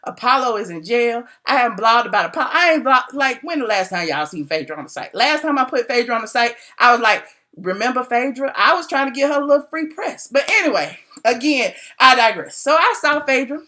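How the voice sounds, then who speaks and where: A middle-aged woman chats to her viewers in a bright, fairly high voice. She gossips animatedly and acts out quotes with sudden high jumps in pitch. Her laughter comes often. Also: sing-song, a little fast, hardly any pauses. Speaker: blogger doing a live video. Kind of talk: casual gossip chat to viewers.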